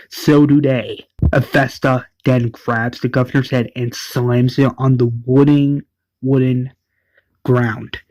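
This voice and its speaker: Slow, rambling man recapping an episode. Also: mid-range voice, darkish tone, no room sound, low-quality recording. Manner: rambling, uses "like" and self-corrections. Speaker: show recap narrator. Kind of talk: casual retelling of an episode.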